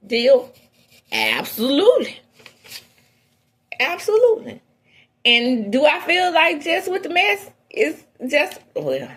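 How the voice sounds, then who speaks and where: Woman doing gossip commentary, blunt and opinionated, mid pitch, goes low then real high when she's making a point. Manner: outspoken, swings from low mutters to high exclaims. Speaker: entertainment gossip host.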